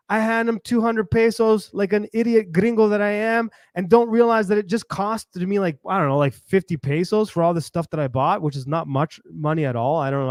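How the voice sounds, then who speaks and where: A man hosting a podcast, telling a rambling, lively story and acting out the voices of people he met. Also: high voice, no room sound, studio quality. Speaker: podcast host. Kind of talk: animated storytelling monologue.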